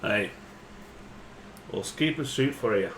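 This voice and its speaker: A man's voice: lowish voice, animated, slow pace. A man playing a tabletop game with friends, joking around and swearing casually. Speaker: player. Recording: echoey room with noise.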